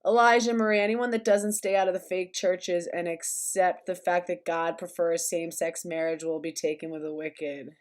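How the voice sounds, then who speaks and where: A woman's voice: fairly low pitch, fairly even intonation, normal speed, hardly any pauses. A woman hosting a casual livestream, talking bluntly and sarcastically with plenty of swearing and chatting with her viewers. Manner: chatty with live chat. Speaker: commentary streamer host.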